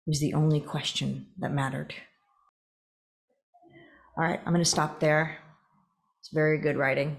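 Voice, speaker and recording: Low-voiced woman reading novel excerpts. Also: flat delivery, normal speed, gravelly, pauses often. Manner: chatty, laughs at herself, breaks off to comment. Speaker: book reader and channel host. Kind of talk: reading novel openings aloud with casual asides.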